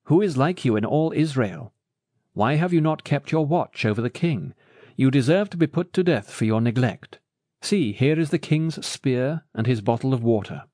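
A man's voice: medium pitch, lively intonation, normal speed, warm tone, no room sound, clean studio sound, lightly acted. A man voicing an earnest young future king in a Bible storybook, solemn and pleading.

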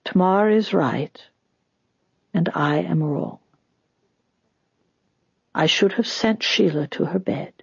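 A narrator reads a stern patriarch, grave and measured. The voice is husky, the recording dry and lo-fi. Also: mid-range voice, dry recording, exaggerated voice.

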